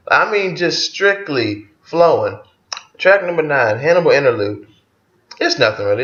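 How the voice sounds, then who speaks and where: A man's voice: medium pitch, a bit bright, echoey room, highs cut off. A man giving a casual spoken album review, loose and profane as he retells songs track by track.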